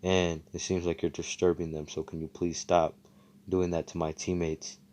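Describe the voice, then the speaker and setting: A man's voice: sits low, little pitch movement, normal speed, a little mellow, natural voice. A man voicing a brash, cocky young male hero who swears and talks down to others.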